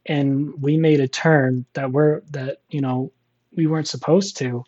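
Man, storyteller guest, mellow tone, rambling delivery with fillers, dull lo-fi recording. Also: on the high side, level tone, a little slow. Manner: rambling, many fillers and restarts. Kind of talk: casual spoken storytelling.

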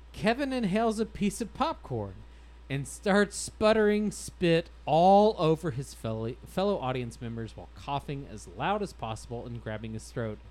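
A man's voice: fairly high pitch, expressive, a little slow, a little mellow, rough recording. A man hosting a casual podcast, reading stories aloud in a wry, amused way and laughing as he goes. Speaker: podcast host.

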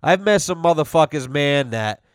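A man's voice: a little high, animated, moderate pace, clear, resonant tone, dry recording, clean studio sound. A man ranting bluntly and sarcastically as a podcast host, swearing constantly. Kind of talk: casual profane rant.

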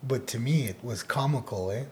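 In relaxed, conversational podcast chat, a co-host who teaches Odawa speaks at medium pitch and moderate speed. He tends to tack "eh?" onto his sentences, and his storytelling turns loud and full of laughter.

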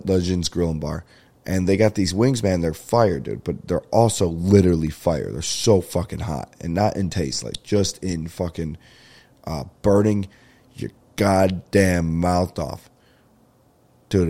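This man's low, dark voice sounds nasal and blocked up as he hosts a comedy podcast. He wanders through a loose, jokey monologue, swearing often.

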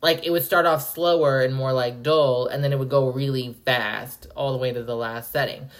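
Low-voiced woman ranting on a podcast. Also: normal speed. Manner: profane, animated, rambling with frequent "like". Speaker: podcast host. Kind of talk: casual solo podcast rant.

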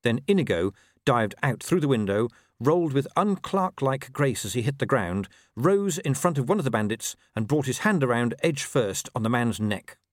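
A man reads a novel aloud with a wry, expressive delivery. His voice rises and falls a lot and sits at a middle pitch. The sound is dry and close, with no room echo. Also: normal speed. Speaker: audiobook narrator. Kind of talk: scripted narration.

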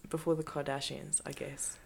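A woman co-hosting a casual comedy podcast, relaxed and giggly, with lots of small agreeing sounds. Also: low-pitched, normal speed, gravelly, slightly rough. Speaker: podcast co-host.

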